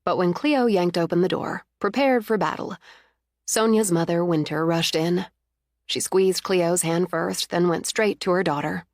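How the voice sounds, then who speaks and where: A woman's voice: fairly low pitch, a little slow, dry recording. Woman reading an audiobook, dry sound. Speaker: audiobook narrator. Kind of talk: scripted narration.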